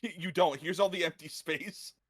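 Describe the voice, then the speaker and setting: A man's voice: sits high, normal speed, a bit bright, slightly rough. A man co-hosting a stream, bantering playfully and laughing a lot. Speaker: co-host. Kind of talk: casual stream chat.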